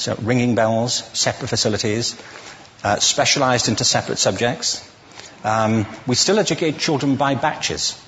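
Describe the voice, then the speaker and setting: A man's voice: mid-range voice, fairly bright tone, long reverb tail, a little hiss or hum. A man giving a witty, conversational lecture to a live audience, asking the listeners questions as he goes. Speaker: public speaker.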